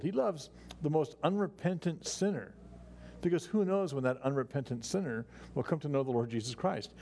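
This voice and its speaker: A man teaching a Bible study as a pastor, in a relaxed, conversational way with frequent restarts and asides. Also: medium pitch, slight background noise. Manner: relaxed and chatty, many "you know"s and restarts, chuckles.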